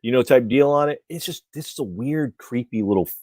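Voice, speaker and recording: A man co-hosting a toy news livestream, excitedly praising figures and often breaking off mid-word. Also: medium pitch, dry recording. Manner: excited, halting, trails off and restarts words. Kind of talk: casual chat.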